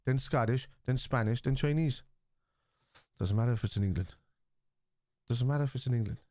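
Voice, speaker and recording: A man's voice: mid-range voice, a little fast, a little mellow, no room sound, studio quality. A man, hosting a live football watchalong and answering viewers bluntly, with plenty of swearing. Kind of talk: live stream chat reacting to viewers.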